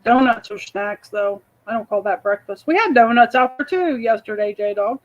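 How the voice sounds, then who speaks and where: An older woman chats on a relaxed morning livestream, rambling through everyday stories with plenty of fillers. Her voice sits notably high. The audio is slightly dull and lo-fi. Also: normal speed. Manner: rambling, chatty storytelling with fillers. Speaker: livestream host reading chat. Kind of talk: casual morning livestream chat.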